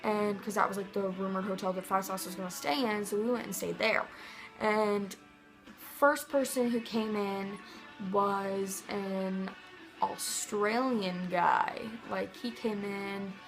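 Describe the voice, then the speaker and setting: A young woman from Missouri telling a rambling, excitable vlog story, full of "like" and "um". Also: mid-range voice, slow pace, soft background music, poor audio. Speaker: vlogger.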